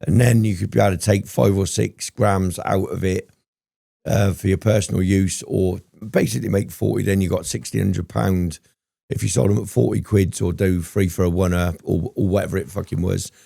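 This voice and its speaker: A man's voice: sits low, steady tone, moderate pace, vocal fry, warm tone, dry recording, studio quality. A man telling his story as a podcast guest, rambling and swearing often, with frequent ums. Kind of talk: candid storytelling interview.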